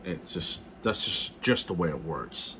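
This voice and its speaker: A man's voice: sits low, animated, measured pace, bright, forceful tone, a little hiss or hum. Blunt, cursing man ranting on camera. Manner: blunt, profane, repeats himself. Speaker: gun vlogger. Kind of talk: casual ranting vlog.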